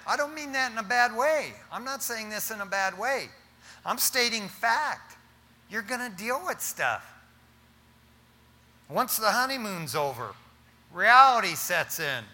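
A middle-aged man preaching as pastor, talking in an animated, casual way and often calling his listeners "man". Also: high voice, measured pace, long pauses, in a large hall. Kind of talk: sermon.

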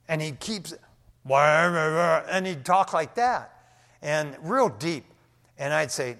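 An older man preaching a sermon, telling a testimony in an animated, folksy way and often dropping "man" into his sentences. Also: fairly high pitch, slow pace. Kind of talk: storytelling sermon. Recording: long hall reverb.

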